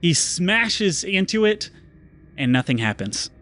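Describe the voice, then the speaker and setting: Male game master for a tabletop role-playing game, a bit higher-pitched, descriptive narration that slows for drama. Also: very animated, fairly bright tone.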